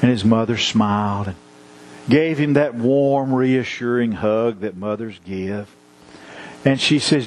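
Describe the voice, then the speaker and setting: Slow, measured male preacher. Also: on the low side, darkish tone, a little hiss or hum, low-quality recording. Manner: measured, rhythmic repetition; storytelling. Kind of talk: sermon.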